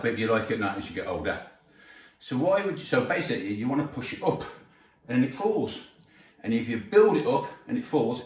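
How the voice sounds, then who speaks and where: A man giving blunt, opinionated, sweary gym advice in a casual workout vlog. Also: mid-range voice. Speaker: gym trainer. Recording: roomy gym, mic at a distance.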